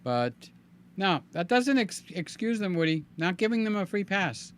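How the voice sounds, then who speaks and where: An older man chats through his live stream, reading out viewers' messages and humming little filler sounds between them. His voice is hoarse and tiring, yet it keeps a smooth, resonant core. His pitch sits a touch high for a man. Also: big pitch swings, unhurried, a bit bright. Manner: chatty, reads viewer comments aloud, hums filler sounds. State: hoarse, voice giving out. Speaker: livestream host. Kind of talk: casual live-stream chat.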